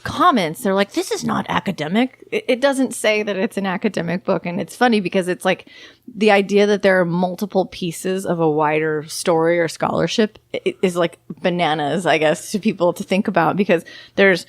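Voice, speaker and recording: A woman's voice: on the low side, normal speed, no room sound, clean studio sound. A woman guest, an academic author, talking frankly and candidly in a casual interview, swearing casually.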